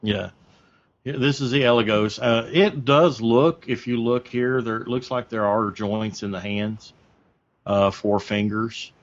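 A man co-hosting a podcast, explaining things in a measured way with many hesitations. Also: mid-range voice. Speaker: podcast co-host sharing the screen. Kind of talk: casual chat. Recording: muffled lo-fi audio.

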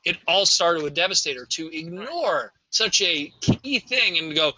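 A man with a high, very bright and forceful voice holds forth in a casual group chat, opinionated and emphatic in long rants. The recording is dry and a little dull, with a lo-fi edge. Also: expressive, a little slow, hardly any pauses, dry recording.

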